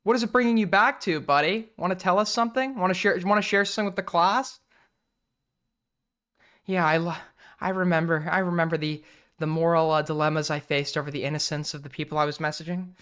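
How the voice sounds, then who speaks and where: A young man hosts his live stream in a high, clean voice. He rambles and jokes crudely, often restarting his sentences. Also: a little fast, fairly bright tone, smooth. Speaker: streamer host. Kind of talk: casual live-stream chat.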